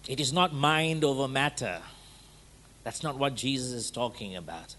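A man's voice: medium pitch, normal speed, bright, forceful tone, a little hiss or hum. Conversational male preacher asking rhetorical questions. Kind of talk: sermon.

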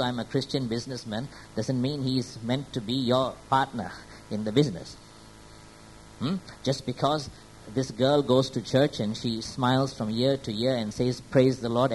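Man preaching, checking in with "Hmm?". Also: rough recording. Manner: checks in with the crowd with frequent "Hmm?" and "Yeah?"; grows louder and more emphatic as he builds. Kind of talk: sermon. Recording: faint background noise and low rumble.

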